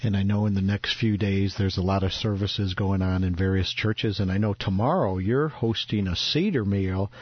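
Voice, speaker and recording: A man's voice: sits low, normal speed, hardly any pauses, husky, no room sound, muffled recording. A man hosting an interview and asking friendly, conversational questions. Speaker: radio host.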